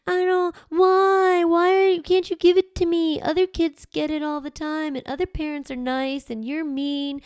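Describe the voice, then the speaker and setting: A woman's voice: high-pitched, flat delivery, normal speed, few pauses, darkish tone, no echo, clean studio sound, pitched above the performer's own voice, natural voice. A woman putting on the voice of an angry child who whines and pleads for the tablet. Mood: whining. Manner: whiny, pleading, indignant.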